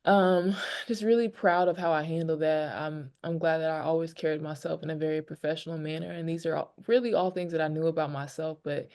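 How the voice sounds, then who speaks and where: A woman's voice: sits low, steady tone, fairly quick, few pauses, darkish tone. A woman, a pro basketball player, answering press questions candidly and emotionally, with lots of fillers. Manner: candid, rambling with many fillers. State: emotional, near tears.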